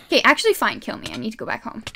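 Woman game streamer, live commentary, excitable yelling, sore throat; bright, high voice. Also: rapid-fire, vocal fry, slight background noise.

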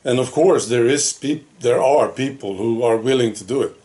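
A man's voice: mid-range voice, moderate pace, dark tone. A man giving a casual opinion monologue to the camera, talking conversationally and dropping frequent rhetorical questions and "right?" asides. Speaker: political vlogger.

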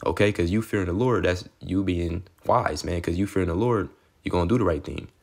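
Low gravelly man preaching casually. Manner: conversational, repeats "okay" and "man", swears; excitable, sometimes rushes or drops to a murmur. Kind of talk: casual street sermon with scripture reading.

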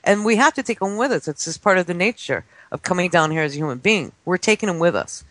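Brief: man, forties, radio guest, animated storyteller who mimics kids, dry close studio sound. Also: high voice, fast, no echo. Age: 40s. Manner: excitable storyteller acting out children's voices. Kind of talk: casual talk-radio chat. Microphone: studio microphone.

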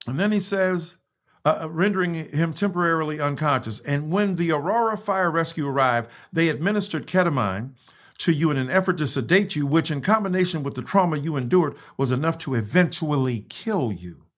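An American man on a video call, the guest author at a virtual talk, reads aloud in an impassioned, emphatic way and stops to apologize. His voice is on the high side, animated and brisk.

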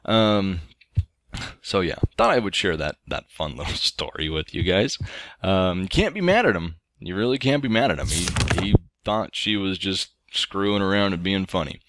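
A man's voice: low-pitched, expressive, normal speed, a bit bright. A man in his thirties hosting a game playthrough, telling a casual story with lots of ums and restarts. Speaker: let's play host. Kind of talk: casual storytelling over gameplay.

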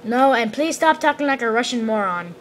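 A harsh father figure in a game who snaps orders and sneers at his son, as a woman puts him on. The voice stays mid-high and the delivery is scolding and mocking. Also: expressive, a little fast, a little hiss or hum, lightly acted. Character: bossy, cruel father in a game.

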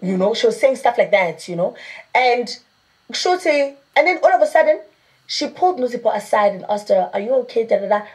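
A woman's voice: on the high side, animated, fairly quick, darkish tone. South African woman retelling gossip animatedly. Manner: acts out quoted people, lots of "like". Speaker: podcast co-host.

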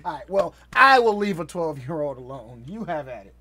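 A man's voice: on the high side, big pitch swings, normal speed, crowd noise. A man hosting a reaction video, chatting casually and laughing often as he talks over a clip.

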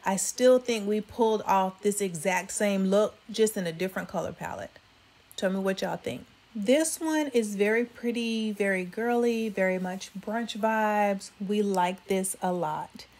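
A woman's voice: medium pitch, a little mellow. A woman hosting a fashion vlog, chatting casually with viewers about outfits. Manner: chatty, addresses viewers as y'all. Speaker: fashion vlogger. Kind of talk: casual styling commentary.

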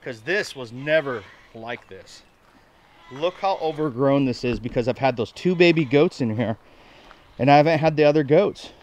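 A man hosting a casual farm vlog outdoors, chatting folksily to the camera and talking to his goats in an excited sing-song. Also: mid-range voice. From Nebraska, USA. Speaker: homestead vlogger.

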